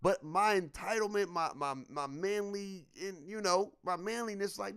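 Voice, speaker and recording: A man's voice: sits high, moderate pace, smooth. A young man on a podcast, telling a story in casual slang and acting out what people said. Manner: animated, slangy, acts out quotes. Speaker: podcast co-host.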